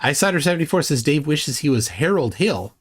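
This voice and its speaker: A man's voice: on the high side, big pitch swings, brisk, slightly rough. Sarcastic man hosting a live reaction stream. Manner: sarcastic, mocking, reads chat comments aloud. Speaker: livestream host reacting to a video. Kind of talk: casual live commentary.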